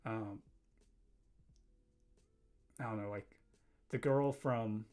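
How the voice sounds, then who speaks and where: A young man chatting casually on a livestream while drawing, rambling and easily distracted, breaking into quick laughs. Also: lowish voice, darkish tone. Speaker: livestreamer and animator.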